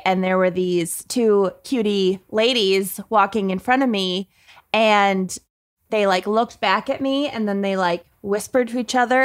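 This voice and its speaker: A woman co-hosting a podcast in casual chat, chatty and laughing often. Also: mid-range voice. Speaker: podcast co-host.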